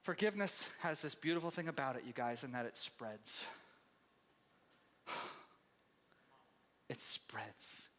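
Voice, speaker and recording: A man preaching a sermon as pastor, intense and conversational, swinging between loud bursts and hushed asides and talking straight to the congregation. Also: a little high, expressive, a little fast, few pauses, big-room sound. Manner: conversational, addresses congregation as "you guys". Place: church sanctuary.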